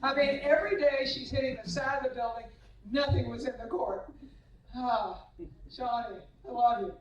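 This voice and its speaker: Speaking at normal speed in a high-pitched voice, a woman tennis coach jokes her way through a banquet speech at a club, mimicking former players' voices and telling anecdotes about them. Recorded from a distance in an echoey hall, the audio has its highs cut off.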